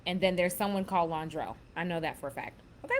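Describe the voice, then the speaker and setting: A woman's voice: fairly low pitch, animated, fast. A woman hosting a casual self-help talk, chatting loosely and reading out affirmations with emphasis. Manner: chatty, reads affirmations with emphasis, says "baby" and "y'all". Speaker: spiritual self-help host.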